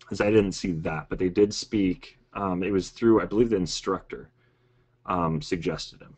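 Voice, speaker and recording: Deep-voiced rambling male podcast guest. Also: moderate pace, a little mellow, husky. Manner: rambling, digressive, conversational. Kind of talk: casual podcast discussion.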